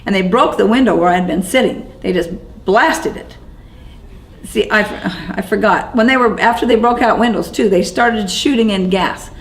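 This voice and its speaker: Interviewee, woman, mid-pitched with gravelly fry; halting, shaken eyewitness telling, lots of restarts. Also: low-quality recording. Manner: halting and shaken, with frequent restarts and repeated words. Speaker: interviewee recounting events as an eyewitness. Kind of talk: first-person eyewitness account.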